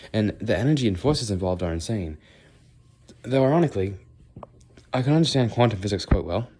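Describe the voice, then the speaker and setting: American guy, very low voice, casual rambling vlog musings. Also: darkish tone, slightly rough. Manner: rambling, musing, does playful accent impressions. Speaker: vlogger. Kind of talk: casual walking monologue.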